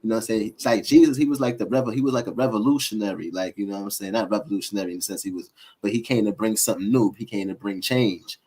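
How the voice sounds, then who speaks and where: A man with speech, rambling in a drowsy, low-key way through casual podcast chat, full of fillers. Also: fairly even intonation, rapid-fire, a little mellow.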